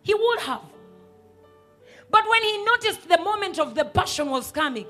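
Lady preacher, bright ringing voice, gets loud and fiery on points. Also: extremely high pitch, expressive, normal speed, faint music behind. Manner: emphatic, rises to shouts and acts out quoted voices. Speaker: pastor. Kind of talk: sermon.

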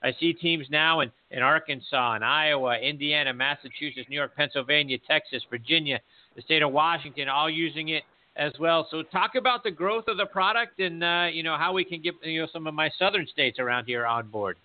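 A man's voice: on the high side, brisk. A man hosting a radio show, asking rambling questions full of fillers. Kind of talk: interviewing a guest. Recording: thin lo-fi phone-like sound.

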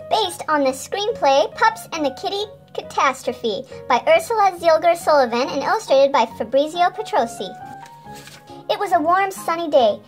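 A woman hosting a toy channel, reading a children's storybook aloud in a bright, sing-song manner. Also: very high voice, animated, moderate pace, music in the background.

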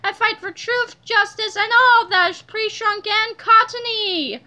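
A woman's voice: extremely high pitch, unhurried, sharp tone, pitched above the performer's own voice, exaggerated voice. A woman voicing a pompous grown man who plays an underwear superhero, declaiming his lines grandly. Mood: heroic.

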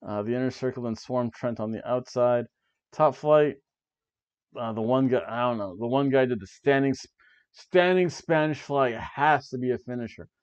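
A man's voice: mid-range voice, moderate pace, clear, resonant tone, muffled recording. A man in his forties casually reviewing wrestling from his seat, chatty and drifting off into tangents. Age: 40s. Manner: chatty, jumps between tangents, frequent asides. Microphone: webcam while seated.

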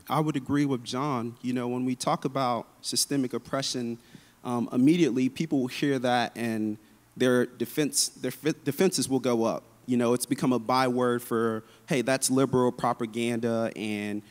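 A man, a pastor, explaining things calmly and in a measured way in a panel discussion. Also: medium pitch. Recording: long hall reverb.

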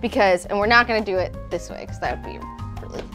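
A woman's voice: mid-range voice, quick pace, music in the background. A young woman guest, a musician, chatting casually and teasing the host in a playful way. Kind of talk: casual chat.

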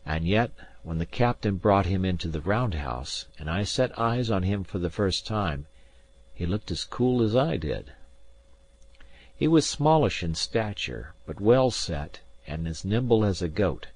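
Deep-voiced male audiobook narrator. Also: lively intonation, measured pace, darkish tone, dry recording. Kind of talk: scripted narration.

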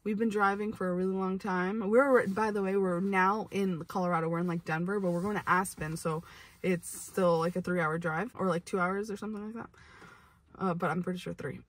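A woman's voice: fairly low pitch, fairly even intonation, brisk. A young adult woman telling a story to camera, rambling with lots of "like" and restarts. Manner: rambling, heavy use of "like" and restarts. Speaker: vlogger. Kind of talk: casual storytelling. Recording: voice from a distance from the mic.

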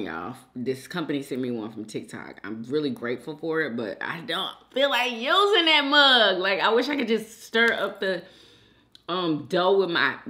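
Woman, young adult, mukbang host; relaxed talk with a lively rise and fall. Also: low-pitched. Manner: chatty, keeps addressing viewers as y'all. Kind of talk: casual chat while eating.

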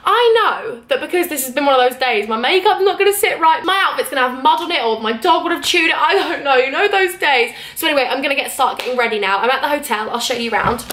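A young woman telling a story in an animated, chatty vlog, acting out each side of the conversation from her hotel room. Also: high-pitched, quick pace, hardly any pauses, reverberant. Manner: animated, acts out both sides of conversations. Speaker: vlogger.

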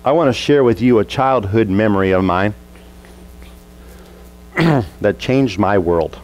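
A man preaching a sermon as a pastor, telling a childhood story and acting out the family scenes in lively voices. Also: on the low side, measured pace, poor audio.

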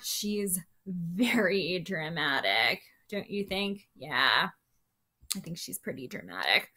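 A woman reading a picture book aloud to children, with expressive, chatty asides to her young listeners. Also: mid-range voice. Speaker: story time reader.

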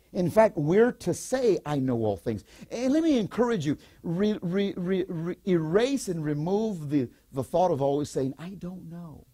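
An older male pastor delivers a sermon with a husky, mellow voice that rises high and swoops widely. He preaches in an animated way, repeating lines and asking the congregation to say them back. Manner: animated preaching with repetitions and call-and-response.

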